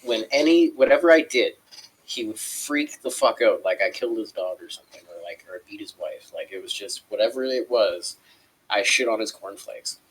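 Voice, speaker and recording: A man's voice: on the low side, lively intonation, normal speed, slightly rough, rough recording. A man co-hosting a casual chat show, telling a long, profane story and acting out the people in it. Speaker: co-host.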